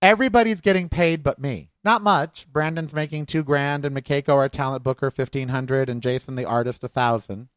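A man's voice: mid-range voice, fairly quick, hardly any pauses, fairly bright tone, no room sound. A middle-aged man hosting his own podcast, talking candidly and emotionally in a rambling personal monologue. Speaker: podcast host.

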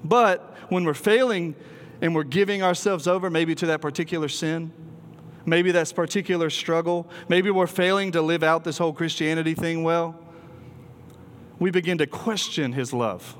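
Man, preacher giving an earnest sermon, slightly higher voice, long echo from a big hall. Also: normal speed. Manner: earnest, emphatic, with filler ums and restarts.

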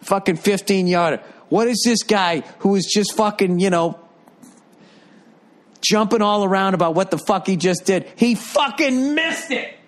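An older man delivers a rambling, profanity-laced rant with exasperated energy. His voice sits fairly high for a man, and he circles back on himself as he vents. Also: fairly even intonation, moderate pace.

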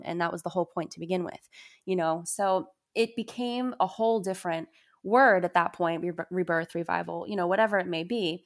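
A woman's voice: fairly low pitch, fairly quick, vocal fry. A young adult woman, a musician guest in an interview, telling a personal story in a confessional way with lots of "you know" and "like".

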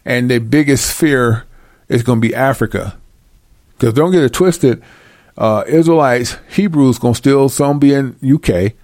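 A man's voice: mid-range voice, unhurried, darkish tone, no room sound, clean studio sound. A man reading Bible verses aloud and preaching over them in a blunt, confrontational and mocking way. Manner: reads verses aloud then explains them. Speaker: self-styled Bible teacher. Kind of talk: scripture reading with fiery commentary.

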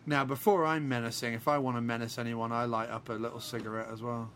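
Bright-voiced man bantering. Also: mid-range voice, little pitch movement, quick pace, slight background noise. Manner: jokey, slips into put-on character voices. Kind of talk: casual comedic banter.

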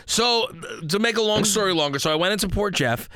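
Rambling, bright-voiced man telling a story. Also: sits high, a little fast, no room sound, studio quality. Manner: rambling storyteller, animated, quotes himself. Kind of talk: casual chat.

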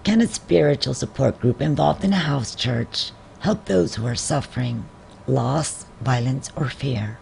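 A woman's voice: extremely low pitch, expressive, measured pace, vocal fry, darkish tone, slight background noise. A woman hosting a faith talk show, chatty and asking her guest questions. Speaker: show host. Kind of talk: interview host, opening with a read poem.

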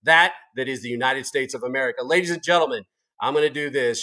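A man's voice: medium pitch, quick pace, bright, forceful tone. A man hosting a political talk show, delivering a fired-up, profane, combative rant with heavy emphasis.

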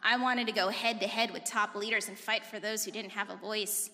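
A woman in her forties giving a personal testimony in church, talking fast and telling her story with animated, emphatic intensity. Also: medium pitch. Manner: emphatic, rising to forceful intensity. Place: church sanctuary. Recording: long reverb of a large hall.

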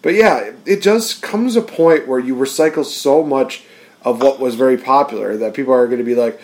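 A man co-hosting a relaxed podcast, his voice sitting in an ordinary middle register. He talks animatedly and breaks into quick impressions of wrestler promos before dropping back into easy chatter. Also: mid-range voice. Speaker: podcast co-host. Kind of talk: casual chat.

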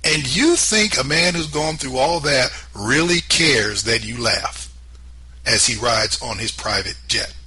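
A man's voice: mid-range voice, animated, a little slow, bright, forceful tone, a little hiss or hum, low-quality recording. A man hosting a political commentary show, talking emphatically and firing off sarcastic rhetorical questions. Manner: sarcastic, mocking asides. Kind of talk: opinionated political commentary monologue.

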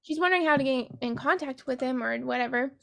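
A woman with a high voice and noticeable vocal fry is retelling a novel on her podcast. She talks in a sarcastic, casual way, swearing freely and giggling. It feels like a loose chat between friends. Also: fast talker, fairly bright tone. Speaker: book podcast host.

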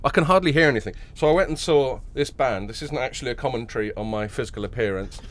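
A man's voice: mid-range voice, quick pace, fairly bright tone, slight background noise. A man hosting a podcast, chatting casually with a nasal, tired voice after a late night, rambling and joking with lots of fillers and restarts. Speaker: podcast host. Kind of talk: casual chat.

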